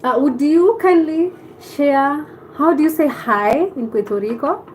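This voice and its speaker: A woman's voice: high-pitched, expressive, unhurried, darkish tone, slight background noise, low-quality recording. A woman from Kenya with a Kenyan accent, hosting a casual live stream and chatting back to viewer comments.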